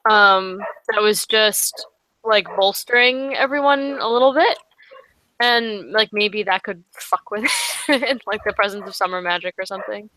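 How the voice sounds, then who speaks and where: A woman's voice: mid-range voice, measured pace, pushed and bright, poor audio. A woman playing a tabletop game, speaking tentatively with many "like"s and "um"s. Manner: tentative, lots of "like" and "um". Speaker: player. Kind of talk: casual tabletop play.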